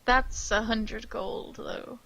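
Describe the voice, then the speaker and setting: A woman game master narrating a tabletop fantasy game at an unhurried pace, pausing to search for the right word. Her fairly high voice carries a steady gravelly fry. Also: rough recording. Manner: slow, hesitant description with searches for words.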